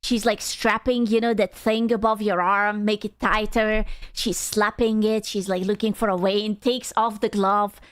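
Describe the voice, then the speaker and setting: A young woman streamer telling a story casually to her chat, animated, laughing often and swearing freely. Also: mid-range voice, a little slow, few pauses, no echo, studio quality. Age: young adult.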